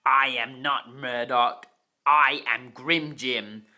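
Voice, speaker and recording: A reader voicing a gloating male demon steam engine villain who talks in a slow, drawn-out, mocking way, in an amateur storybook reading. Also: medium pitch, steady tone, bright, forceful tone.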